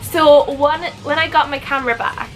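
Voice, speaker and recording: A woman's voice: sits high, little pitch movement, moderate pace, soft background music, rough recording. A young woman telling a rambling, giggly story in a casual vlog, full of "like". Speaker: vlogger.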